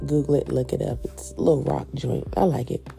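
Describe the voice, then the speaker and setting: Nasal, gravelly low-voiced woman podcaster. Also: fairly even intonation, fairly quick, mellow, faint music behind. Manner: laid-back, chatty, laughs often. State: stuffy, nasal with phlegm. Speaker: podcast host. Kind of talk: casual chat.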